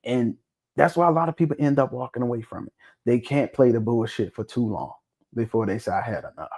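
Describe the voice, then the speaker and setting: A man hosting a casual talk show discussion, talking bluntly and swearing freely, with an animated, preaching tone. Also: medium pitch, fairly quick. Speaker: podcast host.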